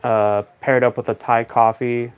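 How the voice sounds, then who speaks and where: A man chatting casually on a stream, rambling and thinking out loud in a relaxed way. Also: medium pitch, unhurried, smooth, phone-quality sound. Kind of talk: casual chat.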